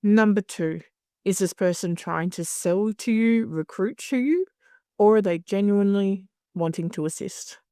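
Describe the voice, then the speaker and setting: A woman's voice: mid-range voice, measured pace, warm tone, no room sound, studio quality. A middle-aged woman in a candid interview, who talks bluntly, swears freely and acts out other people's lines. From Australia. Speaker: hypnosis conference director.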